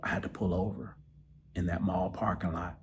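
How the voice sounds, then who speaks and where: A man hosting a podcast, telling a personal story in an animated way that sinks into soft, choked-up near-whispers. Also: deep voice, normal speed, background noise. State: choked up, close to tears. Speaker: podcast host.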